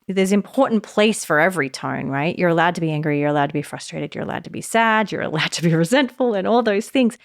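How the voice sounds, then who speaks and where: A woman hosting a solo podcast in a casual, animated way, with lots of fillers. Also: on the low side, no room sound, clean studio sound. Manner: casual, warm and animated, many "like" and "you know" fillers. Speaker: podcast host.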